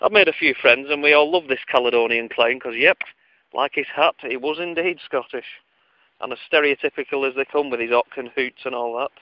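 A man's voice: medium pitch, fairly quick, no room sound. A man with a mid-range voice spinning a funny childhood tale, wry and prone to wandering off on tangents while poking fun at himself. the recording sounds a little dull and lo-fi. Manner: wry, digressive, self-mocking. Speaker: storyteller. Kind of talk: casual comic storytelling.

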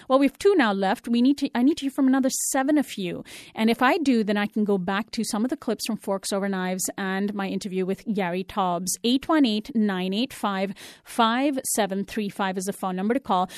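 A woman's voice: a little high, a little mellow, no echo, clean studio sound. A woman hosting a public radio pledge drive, earnestly urging listeners to call and repeating the phone number often. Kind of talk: fundraising appeal on public radio.

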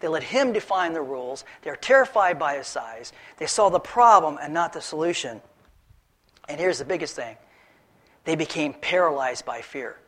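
A man preaching a sermon, retelling a Bible story in a lively, animated storytelling way. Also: fairly high pitch, normal speed. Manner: animated storytelling, acts out characters. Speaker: pastor.

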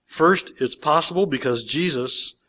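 A man's voice: a little high, unhurried, pushed and bright. A man, a pastor, preaching a sermon in church, reading scripture aloud with emphasis and explaining it verse by verse.

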